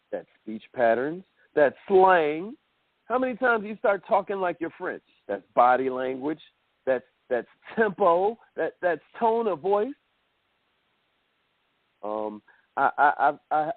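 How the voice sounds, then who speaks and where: A man coaching listeners in a motivational call training, animated and calling them millionaires, heard over a phone call. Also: mid-range voice, no room sound. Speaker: self-development coach. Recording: dry tinny phone line.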